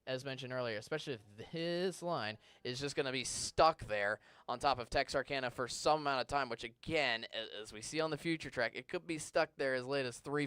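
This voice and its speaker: Smooth-voiced TV weatherman in conversation. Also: medium pitch, fairly bright tone, dry recording. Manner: conversational, reads viewer questions aloud; stumbles and restarts when searching for words. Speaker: meteorologist. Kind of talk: live weather Q&A. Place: TV station studio.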